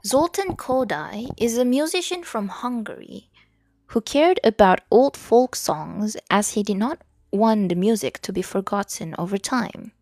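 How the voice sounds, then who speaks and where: A woman's voice: mid-range voice, expressive, a little slow, darkish tone, dry recording, studio quality. A young woman with a Malaysian accent, chatting casually and giggling on a livestream as she studies, switching between languages mid-sentence. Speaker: VTuber streamer. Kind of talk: casual livestream chat while studying.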